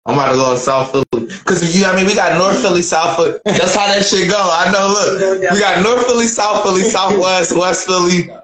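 A man with a Philadelphia accent talks in loose, slangy banter and laughs easily. His voice sits a little high and sounds roomy and echoey. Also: brisk, hardly any pauses, fairly bright tone. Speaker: show regular. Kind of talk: casual chat.

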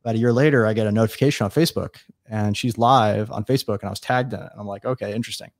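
A man from New York State, a guest in a casual interview, telling stories quickly and acting out what people said. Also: on the low side, dry recording, studio quality. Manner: fast, animated storyteller acting out dialogue.

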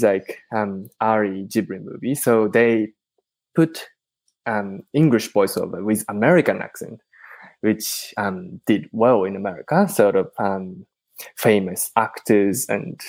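A man's voice: fairly low pitch, a little mellow, no room sound. Hesitant man, dry sound. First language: Japanese. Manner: hesitant, many ums and restarts. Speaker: guest, podcaster. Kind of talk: casual interview chat.

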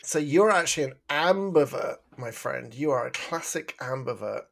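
A man's voice: medium pitch, lively intonation, normal speed, vocal fry, fairly bright tone. A man in his forties with an English accent, chatting as a podcast co-host, self-mocking and laughing often. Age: 40s. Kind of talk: casual chat.

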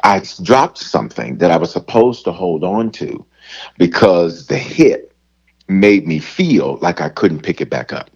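A bishop talks in a low, husky voice, his pitch swinging widely as he preaches. His delivery is animated and playful. The sound is dull and lo-fi. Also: a little slow. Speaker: bishop and pastor. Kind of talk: preaching in casual conversation.

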